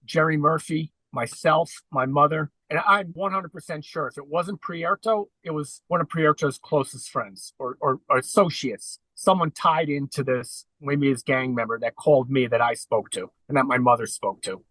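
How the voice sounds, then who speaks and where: Man, podcast guest, earnest storyteller, forceful fairly high voice, dry close sound. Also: moderate pace, few pauses, no room sound, low-quality recording. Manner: earnest, recounting at length. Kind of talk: conversational interview.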